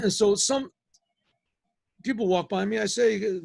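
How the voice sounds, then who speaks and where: A man's voice: high voice, slow pace, vocal fry, darkish tone. A man, a rabbi, telling a story in a rambling, conversational way with many restarts, speaking over a video call. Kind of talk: storytelling talk.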